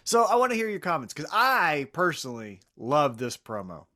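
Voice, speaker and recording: A man with a slightly high, expressive voice talks on a casual podcast. He is blunt and enthusiastic, cursing offhandedly as he gives his opinions. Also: moderate pace, dry recording, studio quality. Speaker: podcast co-host. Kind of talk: casual wrestling podcast chat.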